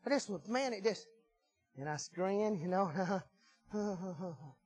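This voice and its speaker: A man preaching a sermon in a folksy, emphatic way that swings from loud to hushed. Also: sits high, animated, measured pace, soft background music, low-quality recording.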